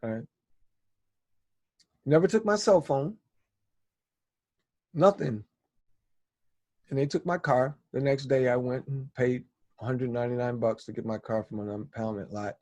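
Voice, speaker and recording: A man's voice: medium pitch, a little slow, long pauses, darkish tone, no echo. A man in a podcast, telling a personal story in a casual, rambling way and often checking in with "right?". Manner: rambling, conversational, tags lines with "right?".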